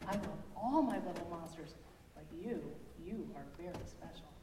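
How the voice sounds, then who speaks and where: A woman voicing a gentle, loving mother monster at bedtime, reading slowly and softly in an echoey church hall heard from a distance. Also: on the low side, noisy background, natural voice. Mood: tender.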